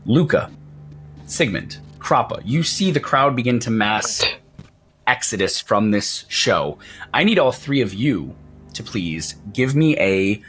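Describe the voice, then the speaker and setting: A man's voice: fairly low pitch, fairly bright tone. A man running a tabletop game, describing scenes in a casual, conversational way. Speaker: game master.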